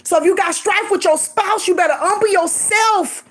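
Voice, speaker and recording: A middle-aged woman vlogging, giving lively, emphatic encouragement in a casual preachy way, laughing often. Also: extremely high pitch, normal speed. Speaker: faith vlogger.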